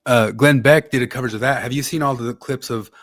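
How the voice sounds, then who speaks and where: A man hosts a loose, casual conversation. He wanders from point to point, his voice sitting in a middle pitch, and he often stops to hunt for a name or a thread before pressing on. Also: steady tone, quick pace, fairly bright tone. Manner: rambling, loses his train of thought. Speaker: podcast host. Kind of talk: casual political chat.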